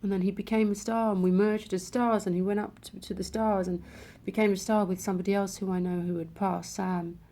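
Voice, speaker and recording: A woman vlogger telling a personal spiritual experience, in an emotional way with hushed passages. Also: mid-range voice, little pitch movement, fairly quick, hardly any pauses.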